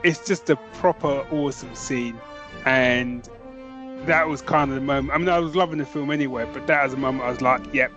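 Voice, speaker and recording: Over music, a North London man co-hosts a podcast, chatting casually and enthusiastically with plenty of fillers and restarts. He speaks fairly quickly at a medium pitch.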